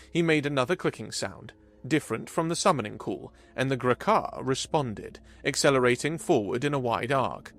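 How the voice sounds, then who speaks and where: A man reads a sci-fi story as scripted narration, his pitch ranging widely and expressively. The voice sits at a middle pitch with a storyteller's steady flow.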